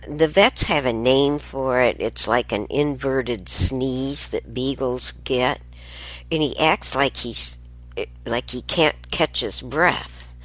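Deep-voiced older woman, rambling and laughing. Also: dry recording. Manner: rambling, sidetracked, laughs often. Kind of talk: casual family storytelling.

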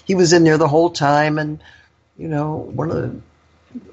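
An older woman tells a candid personal story, wandering through it with fillers and little laughs. Her voice has a husky edge. The recording sounds slightly dull and lo-fi. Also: sits low, level tone, a little slow, a little mellow. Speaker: guest.

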